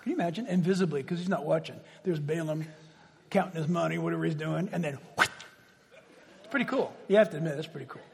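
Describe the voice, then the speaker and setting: A male pastor preaching a sermon with animated storytelling and chuckling asides, in a church hall. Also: on the high side, quick pace, vocal fry. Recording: echoey hall.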